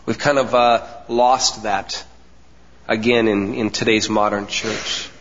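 A man's voice: fairly low pitch, flat delivery, slight background noise. Earnest preaching man in an echoing hall. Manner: earnest preaching with emphatic pauses, drops to soft asides. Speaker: pastor. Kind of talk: sermon. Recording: dull sound with long hall reverb.

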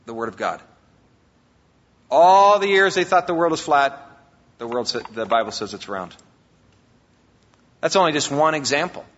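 A man preaching a sermon as a pastor, emphatic, swinging between loud and quiet. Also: mid-range voice. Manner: emphatic preaching, rises and drops in volume. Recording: long hall reverb, dull lo-fi sound.

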